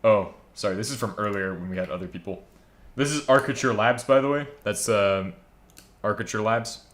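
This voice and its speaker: A man's voice: fairly low pitch, normal speed, a bit bright. A man casually chatting on a live stream, joking around and reading viewer comments aloud while he builds a server. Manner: joking, rambling, reads chat aloud.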